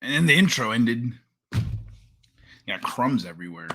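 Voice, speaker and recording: A man's voice: medium pitch, sing-song, normal speed, sharp tone. A man hosting a casual livestream, rambling and joking as he greets viewers by name. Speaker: livestream host.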